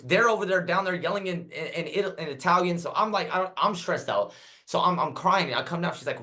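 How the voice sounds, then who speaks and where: A man in his thirties, a podcast guest telling a story in a casual, animated way, repeating himself and acting out what people said. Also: a little high, fast.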